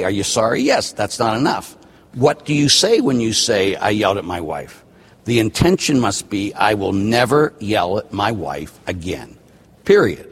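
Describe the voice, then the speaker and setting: Animated husky priest, echoey room. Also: male voice, medium pitch. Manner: animated, acts out quoted dialogue. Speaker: Catholic priest guest. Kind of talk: casual chat.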